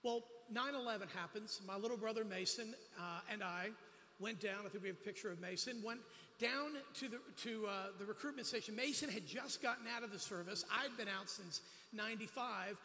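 A high, bright male voice delivers a sermon, weaving personal stories and quick humorous asides. The sound carries the long reverb of a church sanctuary, with faint noise underneath. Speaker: guest preacher.

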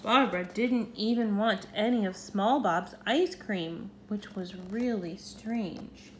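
Woman reading a kids picture book out loud, really slow, expressive. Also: medium pitch, slight background noise. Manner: expressive, animated. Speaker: storyteller. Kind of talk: children's storybook read-aloud.

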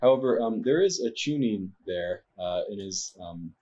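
A man's voice: fairly low pitch, animated, moderate pace, mellow, breathy edge, lo-fi sound. A man who narrates as game master in a tabletop game and speaks with a hesitant manner, full of fillers.

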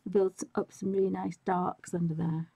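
A woman hosting a live drawing tutorial, talking softly and often half-whispering as she works, her voice a little squeaky and rough. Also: little pitch movement, normal speed, no echo. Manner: soft-spoken, often half-whispered while working. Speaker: art tutorial host.

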